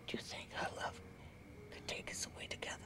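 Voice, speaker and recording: An actress playing an elderly wife lost in memory, speaking softly and fragilely in a film scene. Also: female voice, fast talker, in a whisper, music in the background, lightly acted. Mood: frightened. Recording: film audio under loud score.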